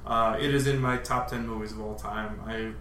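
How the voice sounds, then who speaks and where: A man's voice: lowish voice, steady tone, moderate pace, a bit bright, echoey room, a little hiss or hum. A man hosting a casual movie podcast, talking with loose enthusiasm and frequent laughter. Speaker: podcast host.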